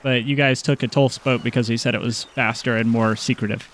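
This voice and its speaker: A man narrating a tabletop game as game master, describing scenes in a relaxed way. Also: mid-range voice, a little fast, slight background noise.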